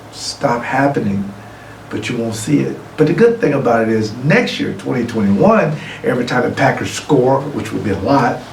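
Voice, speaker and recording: A middle-aged man giving an award acceptance speech, telling a lively anecdote and acting out other people's lines. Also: mid-range voice, gravelly. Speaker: award honoree. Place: room, recorded for a virtual gala. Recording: echoey room, distant mic, faint noise.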